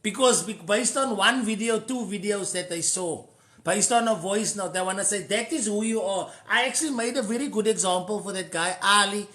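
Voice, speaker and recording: A man with a South African accent talks earnestly to his live-stream viewers and drops Afrikaans phrases into his advice. His voice has a bright, forward edge. The echo of a hard room rings around him. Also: sits high, brisk. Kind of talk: casual advice talk to a live audience.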